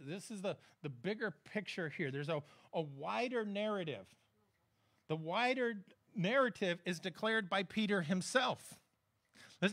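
A pastor delivers a relaxed, conversational sermon, his voice sitting high for a man. He keeps checking in with the congregation and slips in light jokes as he preaches. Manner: conversational, humorous preaching with frequent audience check-ins.

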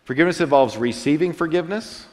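A pastor preaching a sermon, earnest and dramatic, swinging between loud and soft. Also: male voice, a little high, quick pace. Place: church sanctuary. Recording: long reverb of a church hall.

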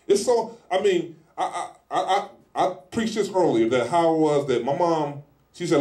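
A man preaching a sermon in a casual, animated style, acting out little scenes as he goes. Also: a little high, moderate pace, roomy sound. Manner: animated, acts out scenes in lively voices; speaks in informal colloquial style. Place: church hall.

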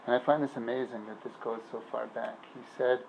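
In a relaxed synagogue class, a male rabbi shares stories and analogies, stopping now and then to search for words. The voice is mid-range, flat and gravelly, with the highs cut off and slight background noise.

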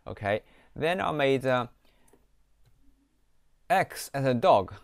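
A man giving a screen-recorded programming lesson, reading code aloud and often pausing on "okay". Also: medium pitch, animated, no echo, clean studio sound. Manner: slow, repeats "okay", reads code aloud. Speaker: programming teacher. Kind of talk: screen-recorded coding tutorial.

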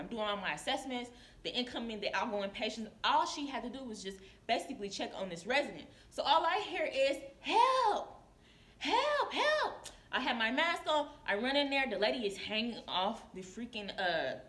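A woman nurse telling a story to camera in casual confessional style, animated and acting out her coworkers. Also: fairly high pitch. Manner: animated, acts out coworkers' voices. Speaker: licensed practical nurse. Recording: echoey room.

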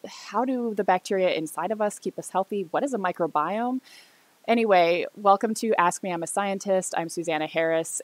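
Excitable woman hosting, dry sound. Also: lowish voice, no echo. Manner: bubbly and excitable. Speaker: host. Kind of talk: casual science interview.

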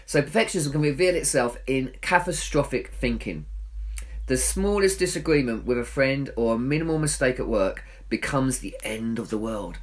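A man's voice: medium pitch, lively intonation, normal speed. A man giving a recorded church talk. He speaks earnestly and pokes fun at himself, acting out his own inner voice.

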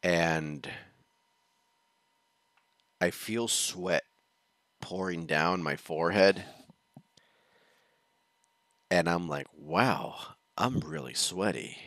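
A man with a low, deep voice that still has a bright, forceful edge tells a rambling personal story on a reaction stream. He chuckles often and keeps restarting his sentences. The recording is dry, with no room sound. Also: very slow, long pauses, dry recording. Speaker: reaction show host. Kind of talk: casual storytelling.

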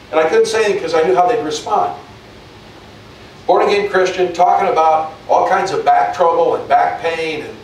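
A man's voice: on the high side, heavy reverb, recorded from a distance, a little hiss or hum, rough recording. A male pastor preaching a sermon in a conversational way, often restarting and repeating words.

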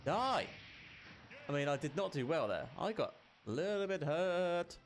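A man hosting his own gaming channel, giving excitable let's play commentary and shouting at the game. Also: fairly high pitch, moderate pace, faint music behind.

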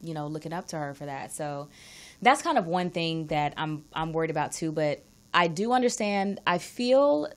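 A woman's voice: low voice, animated, normal speed. A woman from the Bronx with a New York accent, co-hosting a casual podcast chat, thoughtful and agreeable with lots of affirming murmurs. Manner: thoughtful, agreeable, frequent backchannels. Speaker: podcast co-host.

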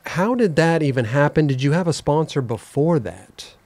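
A man's voice: fairly high pitch, animated, normal speed, darkish tone, no echo. A man hosting a podcast, chatting casually and laughing often with his guests. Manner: laughs often, loose and playful. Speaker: podcast host. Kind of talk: casual chat. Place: podcast studio.

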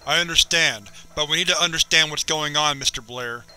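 Man voicing a steady, polite questioner; formal and persistent, crisp bright tone. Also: a little high, a little fast, faint music behind, low-quality recording. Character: calm, persistent male interviewer.

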